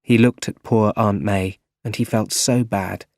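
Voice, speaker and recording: A man narrating a story for English learners in a clear, measured reading. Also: lowish voice, fairly even intonation, a little mellow, no echo. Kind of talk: slow scripted story narration. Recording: dry close recording.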